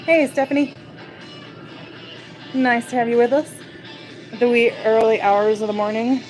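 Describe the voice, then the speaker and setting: Woman, somewhat high voice, giggly, chatty, casual livestream, shop at night, phone mic, clear music behind. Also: normal speed, darkish tone, rough recording. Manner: chatty, giggly, greets viewers. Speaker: livestream host.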